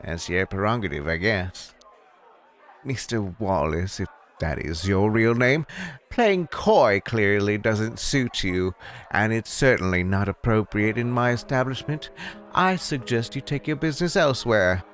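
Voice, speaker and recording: A man's voice: on the low side, expressive, unhurried, fairly bright tone, pitched above the performer's own voice. Man putting on a drawling haughty club owner lady. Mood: cold. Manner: drawling, affected, says "darling". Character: haughty, flirtatious woman nightclub owner. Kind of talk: reading game dialogue aloud.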